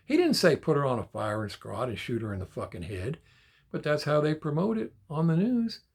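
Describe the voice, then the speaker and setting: A man's voice: a little high, wildly swooping pitch, a little fast, darkish tone, slightly rough. A man hosting a toy collector channel, talking casually to his viewers, getting frustrated and ranting, swearing a lot and repeating himself when worked up. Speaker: die-cast toy collector channel host.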